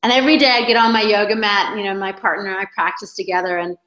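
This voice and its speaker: A woman's voice: medium pitch, steady tone, fast, a bit bright, reverberant, rough recording. A middle-aged woman, an interview guest, telling her personal story in a rambling, chatty way full of fillers over a video call. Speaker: interview guest, yoga teacher.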